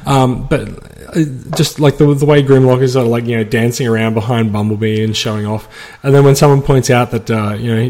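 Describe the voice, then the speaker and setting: A man's voice: mid-range voice, steady tone, fairly quick, few pauses, warm tone. A man co-hosting a casual podcast chat from home, hedging often and laughing easily. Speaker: podcast co-host. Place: home apartment.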